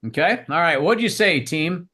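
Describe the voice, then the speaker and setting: A man's voice: a little high, expressive, normal speed, bright, forceful tone. A man hosting a casual team meeting, drawing in his colleagues with loose, encouraging talk and baseball phrases. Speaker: meeting host.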